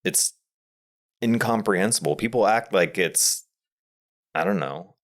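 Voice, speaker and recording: Man, podcast co-host, very deep voice, thoughtful, hesitant, restarts sentences. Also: a little slow. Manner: thoughtful, searching for words, frequent restarts. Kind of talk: casual movie discussion.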